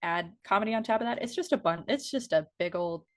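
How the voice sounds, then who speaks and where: A woman's voice: mid-range voice, lively intonation, fast talker. A woman guest co-hosting a movie podcast, chatting casually, giggly and self-deprecating. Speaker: guest co-host. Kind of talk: casual chat.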